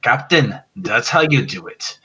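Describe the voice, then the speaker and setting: A mocking, cocky adventurer, as a man plays him at the table speaks with a bright, husky tone that swings up and down. The warning comes out smug and teasing. The audio is dull and lo-fi. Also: medium pitch, expressive, unhurried, full character voice. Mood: taunting. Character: taunting adventurer warning a captain.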